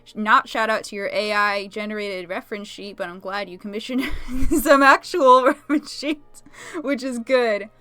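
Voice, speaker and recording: Woman, paint-and-sip storyteller, giggly and chatty, slightly high bright voice, dry close sound. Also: moderate pace, no room sound. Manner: chatty, giggly, animated asides. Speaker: video creator. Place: home, talking to her pet bird.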